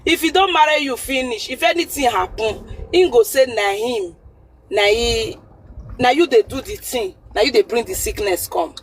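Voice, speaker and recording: A woman's voice: fairly high pitch, moderate pace, a little hiss or hum, poor audio. A woman caller with a Nigerian Pidgin accent giving earnest advice over the phone, repeating her points for emphasis. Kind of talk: call-in advice.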